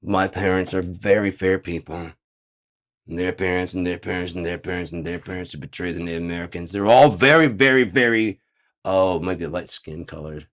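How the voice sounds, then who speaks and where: Low gravelly guy ranting, sarcastic and swearing a lot. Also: level tone, brisk. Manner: sarcastic, profane, rambling. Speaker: host. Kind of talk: casual ranting monologue.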